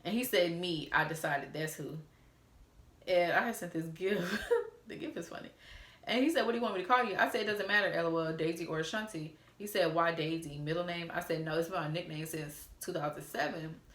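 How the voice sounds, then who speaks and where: A young woman from Atlanta, telling a story casually and reading out text messages in an animated way. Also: on the low side, a little fast, roomy sound. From Atlanta, USA. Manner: animated, reads out texts in a playful drawl. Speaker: storytime vlogger.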